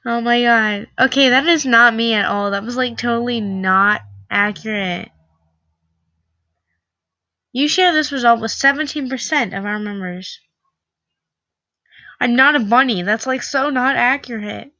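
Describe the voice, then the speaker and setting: Teenage girl, sarcastic quiz commentary, slow talker, muffled lo-fi sound. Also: mid-range voice, pushed and bright, dry recording. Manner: chatty, sarcastic, lots of "like". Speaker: vlogger taking an online quiz. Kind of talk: casual quiz reaction commentary.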